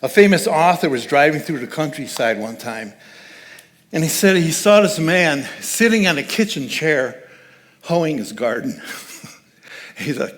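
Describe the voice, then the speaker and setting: A man's voice: fairly high pitch, animated, a little slow, fairly bright tone. Chuckling man giving a casual sermon. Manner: joking, chuckles at his own asides. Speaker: guest speaker. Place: church service.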